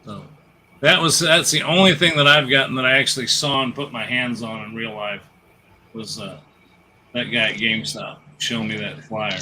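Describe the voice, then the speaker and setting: A man's voice: mid-range voice, moderate pace, background noise. A man co-hosting a casual gaming chat, telling long stories and jokes with many restarts. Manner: rambling storyteller, restarts and retells jokes. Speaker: podcast co-host.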